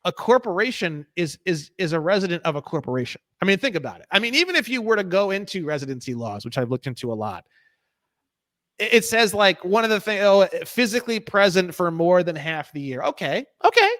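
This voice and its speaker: A man in a casual interview, talking in an animated, profane, ranting way. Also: high voice, a little fast, no echo. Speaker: guest.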